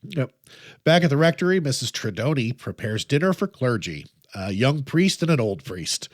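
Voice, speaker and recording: Male podcast co-host, easygoing, laughs a lot, average pitch, dry close sound. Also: normal speed, no room sound. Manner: laughs often, recaps plot in a relaxed way. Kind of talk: casual chat recapping a film.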